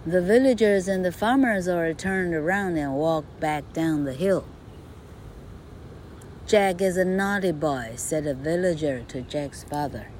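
A woman reading a children's storybook aloud and explaining it in a slow, expressive teaching manner. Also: low-pitched, a little hiss or hum.

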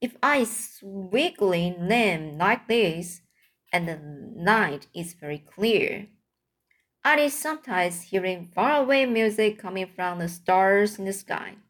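A kindly giant who speaks in slow, earnest, broken grammar, voiced by a woman reading a storybook aloud. His voice sits at an ordinary middle pitch and unhurried pace. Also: lively intonation, fairly bright tone.

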